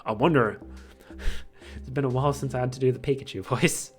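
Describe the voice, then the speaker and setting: A man's voice: medium pitch, little pitch movement, rapid-fire, soft background music. Chatty, amused man streaming a game. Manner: chatty, amused, thinks aloud. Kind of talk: casual gaming stream commentary.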